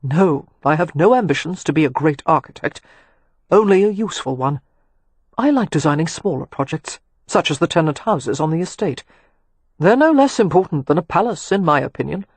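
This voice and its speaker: Reader doing a cocky young lord, husky voice, dry close sound, all wry and sure of himself. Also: medium pitch, animated, moderate pace, no echo. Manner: wry, self-assured. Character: charming teasing young nobleman. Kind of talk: audiobook character reading.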